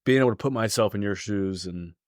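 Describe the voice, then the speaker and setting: Rambling man with a low voice. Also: a little fast, a little mellow, dry recording, studio quality. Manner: rambling, recapping, playful. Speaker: podcast co-host. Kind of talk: casual podcast chat.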